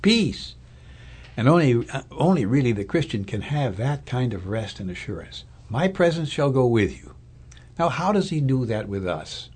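A man's voice: medium pitch, a little mellow, slightly rough. A man preaching a sermon as a pastor, in a conversational, thoughtful way with fillers and restarts. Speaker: Lutheran pastor or Bible teacher.

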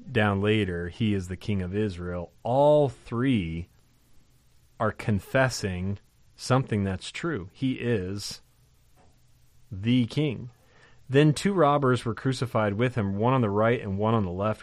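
A man teaching from a scripture passage in a conversational but emphatic way, often pausing to ask rhetorical questions. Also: on the low side, no room sound. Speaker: Bible teacher.

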